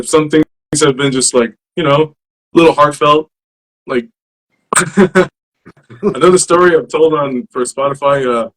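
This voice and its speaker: A man hosting a podcast, casually telling stories in an animated, profane way. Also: fairly high pitch, poor audio. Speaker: podcast host. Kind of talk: casual chat.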